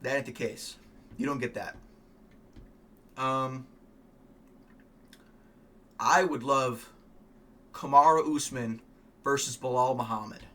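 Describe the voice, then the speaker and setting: Male vlogger, casual fight talk, opinionated and profane, tense bright tone. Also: mid-range voice, slow pace, long pauses. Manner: rambling, opinionated, swears, frequent ums. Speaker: MMA fan vlogger.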